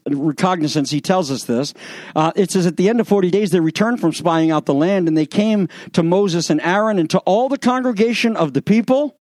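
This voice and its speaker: A middle-aged man preaches with lively, sarcastic energy, acting out the scripture's voices. His voice sits high, and the sound is close and dry. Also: dry recording. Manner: animated, sarcastic, acts out the spies' lines. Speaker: pastor. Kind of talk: sermon.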